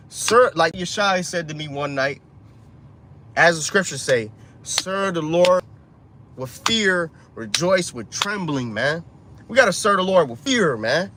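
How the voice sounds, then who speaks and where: A man's voice: high-pitched, noisy background. A man preaching an informal street sermon, urgent and profane, ending lines with "man" and "bro".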